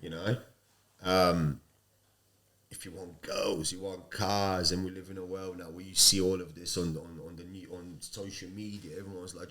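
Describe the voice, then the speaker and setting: A man with a very low voice tells his story as a podcast guest. He talks casually and bluntly, with plenty of swearing. He sounds like a man in his thirties. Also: little pitch movement, moderate pace, a bit bright. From Sicily.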